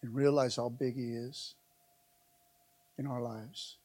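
A man's voice: medium pitch, level tone, normal speed, vocal fry, dark tone, slightly rough. A man preaching a sermon as pastor, emphatic and repetitive, calling out to his congregation again and again.

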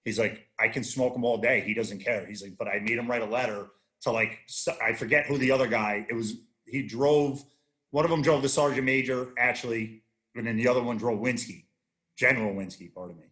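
A man's voice: medium pitch, a little fast, fairly bright tone. A man in his thirties, a guest on a casual chat show, telling rambling, profane stories with many restarts. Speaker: podcast guest, army veteran.

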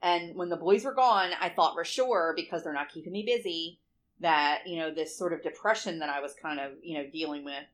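A woman's voice: low voice, fairly quick. A middle-aged woman co-hosting a podcast, chatting candidly and swearing freely. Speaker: podcast co-host. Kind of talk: casual chat.

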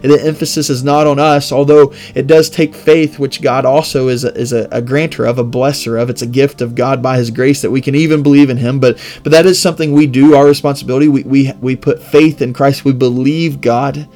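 A man's voice: medium pitch, steady tone, brisk, hardly any pauses, a little mellow, soft background music. A man hosting a devotional podcast, reading scripture and reflecting in an earnest manner with emphatic repetition.

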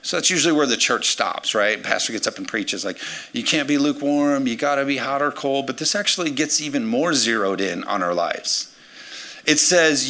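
A man in his forties, a pastor preaching a sermon with energetic swings between loud emphasis and quiet asides. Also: mid-range voice, normal speed, creaky. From United States. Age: 40s.

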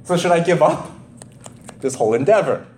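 A man preaching an informal sermon as a pastor, talking haltingly with many fillers and restarts and laughing at himself. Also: on the high side, lively intonation, a little mellow, a little hiss or hum. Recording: echoey room sound.

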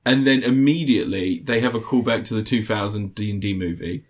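A man co-hosting a podcast, retelling film scenes in a rambling, animated way with playful put-on voices. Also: fairly low pitch, a little fast. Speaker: podcast co-host. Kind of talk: casual film review chat.

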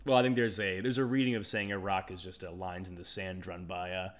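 A man's voice: deep voice, little pitch movement, fairly quick. A man co-hosting a podcast in casual chat, rambling and swearing freely. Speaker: podcast co-host.

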